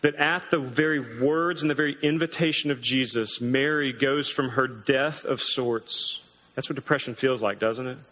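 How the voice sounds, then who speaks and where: Guy preaching a sermon, clear bright voice, emphatic, drags out the important bits. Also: medium pitch, low-quality recording. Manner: emphatic, earnest preaching with dramatic slowdowns. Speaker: pastor.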